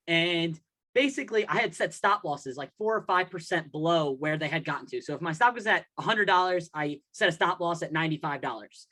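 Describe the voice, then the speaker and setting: A man's voice: fairly high pitch, lively intonation, fairly quick, pushed and bright. A man hosting a podcast, telling a long story in a rambling way. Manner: rambling storyteller, acts out his own thoughts. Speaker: podcast host. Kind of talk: casual podcast chat.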